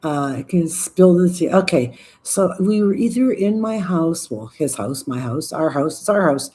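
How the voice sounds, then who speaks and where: Woman, 60s, live-stream host; low, mellow, loose and chatty. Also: lively intonation, normal speed, slight background noise. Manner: chatty, rambling, swearing, reading viewer comments. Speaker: livestream host. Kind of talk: casual live chat.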